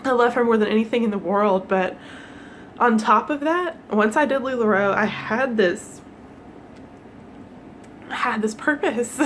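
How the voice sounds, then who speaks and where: A young woman from the United States, teary and emotional, talking haltingly with nervous laughs in a personal vlog. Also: a little high, a little hiss or hum. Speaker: vlogger.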